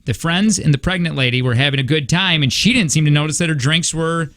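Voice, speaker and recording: A man's voice: fairly high pitch, fast talker, fairly bright tone. A man hosting a radio show, joking around and reading a story aloud with asides.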